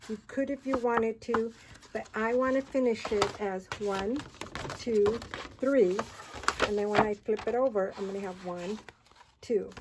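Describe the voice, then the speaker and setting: A woman hosting a casual paper-craft tutorial, chatting and counting aloud as she folds and cuts, recorded with noise and handling clicks. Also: mid-range voice. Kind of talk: casual hands-on craft demonstration.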